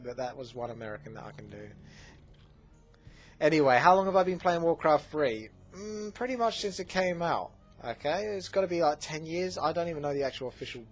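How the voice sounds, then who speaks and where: A young man hosting a gaming channel, working through viewer questions in a loose, rambling chat. He often stops and restarts his sentences as he goes. His voice sits at an ordinary middle pitch. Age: 20s. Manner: rambling, self-correcting, chatty. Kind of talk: casual Q&A commentary.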